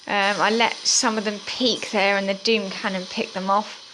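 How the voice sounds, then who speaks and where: A woman's voice: medium pitch, flat delivery, normal speed, sharp tone, slight background noise. A woman hosting a gaming channel, giving chatty mobile game commentary with lots of ums and frequent asides to viewers as "guys". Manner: chatty, filler-heavy, addresses viewers as guys.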